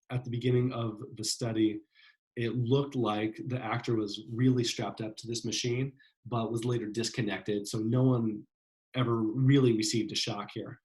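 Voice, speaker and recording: A man's voice: fairly low pitch, rough recording. Conversational male psychology lecturer. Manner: conversational, many fillers and "right?" checks. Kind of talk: classroom lecture.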